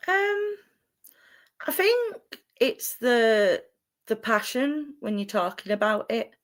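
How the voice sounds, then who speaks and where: A young Englishwoman who works as a wrestling announcer answers interview questions expressively and excitably, laughing often. Her voice is a little high and her pace slow.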